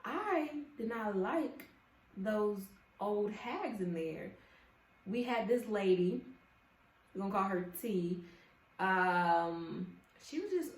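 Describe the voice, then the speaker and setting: A young woman telling a storytime vlog in a casual, animated, profane way, talking straight to her viewers. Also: mid-range voice. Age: young adult. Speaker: vlogger. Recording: echoey room with faint ambience.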